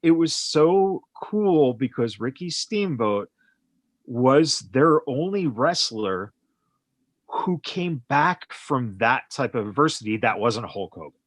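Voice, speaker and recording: A man's voice: mid-range voice, expressive, takes it slowly, dry recording. A man hosting a casual podcast interview, talking in a rambling way with lots of filler phrases. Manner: rambling, heavy on "you know" fillers. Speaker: podcast host.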